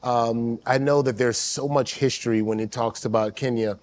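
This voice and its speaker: A man hosting a podcast, asking long, measured questions that wander before landing. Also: medium pitch, fairly even intonation, a little mellow. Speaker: podcast host. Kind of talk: interview questions.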